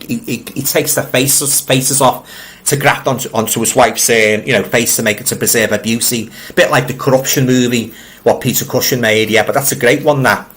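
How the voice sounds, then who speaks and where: Hosting a laid-back live stream, this middle-aged Liverpudlian reads out comments from viewers, wanders off on tangents, and frequently restarts by repeating words. He speaks in a mid-range, slightly bright voice, warmly addressing his audience directly.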